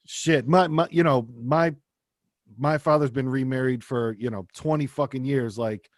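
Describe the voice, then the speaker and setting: A man co-hosting a podcast, chatting casually and acting out quoted lines with lively, profane storytelling. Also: medium pitch, moderate pace, dry recording, studio quality. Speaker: podcast co-host. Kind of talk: casual chat.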